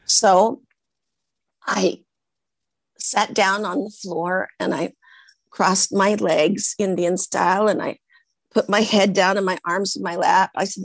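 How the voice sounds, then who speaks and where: An older woman from Portland, a guest in an interview, telling a lively story and acting out the lines of the people in it. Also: on the low side, slow, long pauses, dry recording. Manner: lively anecdotes with acted-out quotes.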